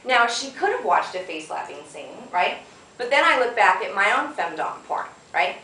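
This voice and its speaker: A woman's voice: medium pitch, sing-song, normal speed, sharp tone. A woman giving a frank, chatty conference talk, laughing often and checking in with the audience. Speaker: conference presenter. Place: conference room. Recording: echoey room from a distance.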